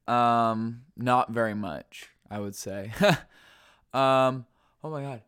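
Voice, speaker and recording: A man with a stuffy nose talks solo on his podcast in loose, rambling chat, leaning on fillers. His voice is smooth and clean. The sound is close and dry. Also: medium pitch, slow pace, fairly bright tone, no echo. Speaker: podcast host.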